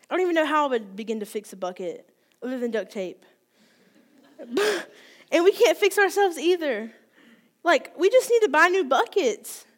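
A woman in her twenties giving a candid, conversational sermon, open and self-deprecating about her own faults. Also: sits high. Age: 20s. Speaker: youth speaker.

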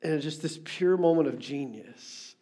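Male pastor, middle-aged, sermon, fairly high voice, dramatic loud-to-soft delivery, repeats phrases. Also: measured pace. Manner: dynamic, swings from loud emphasis to soft whispers.

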